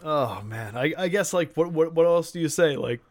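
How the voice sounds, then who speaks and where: A man's voice: on the high side, lively intonation, normal speed. A man telling wrestling stories in casual, profane podcast chat, laughing at his own jokes. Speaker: podcast co-host.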